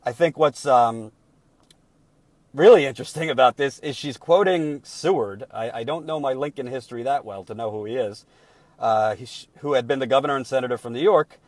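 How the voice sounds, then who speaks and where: A man giving indignant political commentary while reading out leaked emails, emphatic and deliberate, with many repeated restarts. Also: medium pitch, darkish tone, no room sound. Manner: deliberate and slowed when troubled.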